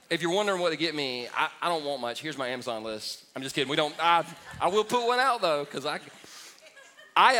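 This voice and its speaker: A man's voice: on the high side, bright, forceful tone. A male pastor giving a joking, conversational sermon, urging the congregation to call back in response.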